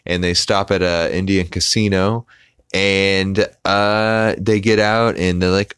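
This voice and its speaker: A man's voice: low-pitched, fairly even intonation, a little slow, a bit bright, smooth, no echo, clean studio sound. A man hosting a podcast, casually recapping a cartoon episode with lots of fillers and restarts. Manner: rambling with many filler "uh"s. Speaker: podcast host.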